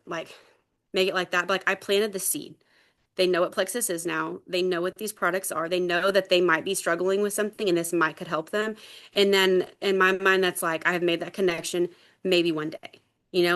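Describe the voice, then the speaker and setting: A woman's voice: fairly low pitch, fairly bright tone. A woman sharing her story on a group video call, rambling with many fillers and growing teary. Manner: rambling, lots of "like" and "um", gets teary. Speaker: sales team member sharing her story. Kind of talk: casual talk on a group call.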